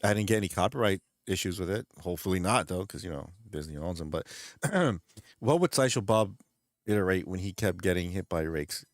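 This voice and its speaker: A man's voice: deep voice, animated, brisk, no room sound, studio quality. A man hosting his channel in casual chat, rambling, laughing often and restarting sentences. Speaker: channel host.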